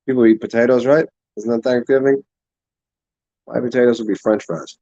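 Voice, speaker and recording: This livestream host has a warm, mid-range voice with fairly even intonation and a moderate pace. He rambles casually, laughs a lot, and eats and drinks as he talks, often with food in his mouth, all on lo-fi audio.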